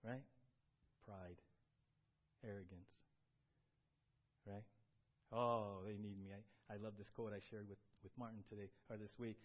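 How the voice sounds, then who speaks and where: A man preaching a sermon as pastor, shifting between quiet confession and loud, urgent exhortation. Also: on the low side, steady tone, unhurried, pauses often, highs cut off.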